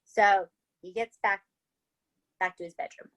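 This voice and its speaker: A woman's voice: mid-range voice, fairly even intonation, a little slow, fairly bright tone. A woman hosting a podcast, telling a true-crime story in a casual, chatty way, swearing freely and checking in with "right?" and "okay?". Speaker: podcast host.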